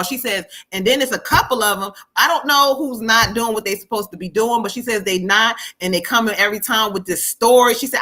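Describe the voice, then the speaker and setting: A woman psychic medium, doing a live-stream tarot reading, animated and often laughing as she quotes spirits in a sassy voice. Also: on the high side, normal speed.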